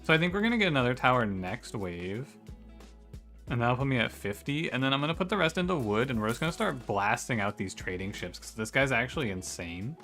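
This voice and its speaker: A man with a bright, forward voice chats loosely with his viewers while he plays, cursing casually and laughing between thoughts. Faint music sits under his talk. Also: mid-range voice, animated, brisk. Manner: chatty, swears freely, laughs while talking to chat. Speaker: game streamer. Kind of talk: casual live-stream chat.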